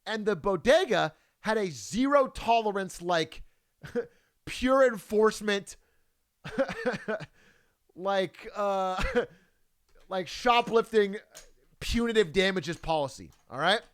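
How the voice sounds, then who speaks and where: A man's voice: high voice, lively intonation, slow, pauses often, clear, resonant tone. A man telling a story casually, swearing freely and breaking into laughter often.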